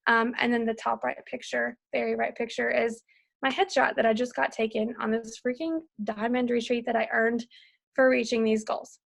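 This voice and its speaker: A woman's voice: on the high side, flat delivery, moderate pace, vocal fry. A woman in her thirties, a team coach, sharing her story in a bubbly, gushing way on a group call, laughing often. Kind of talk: casual testimonial on a group call.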